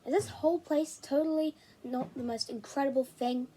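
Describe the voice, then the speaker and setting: A woman's voice: high-pitched, steady tone, moderate pace, warm tone, lightly acted. A woman reading aloud, voicing an easygoing adult man who chats casually. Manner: casual, chatty.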